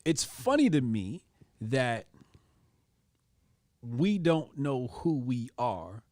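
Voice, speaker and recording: A man appearing as a guest, telling stories in a relaxed, casual way and often saying "like". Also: medium pitch, extremely slow, no room sound, clean studio sound. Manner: relaxed, peppers speech with "like". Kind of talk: casual conversational storytelling.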